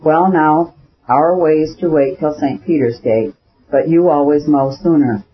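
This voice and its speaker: A man's voice: a little high, a little slow, lightly acted. Old male peasant beekeeper, homely and deferential, as a male reader puts him on; lightly raised voice, dull lo-fi audio. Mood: plain. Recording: dull lo-fi recording.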